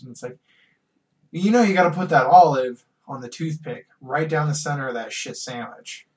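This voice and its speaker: A man's voice: mid-range voice, a little fast, darkish tone, distant mic. A man co-hosting a casual podcast, blunt and profane, griping sarcastically. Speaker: podcast co-host.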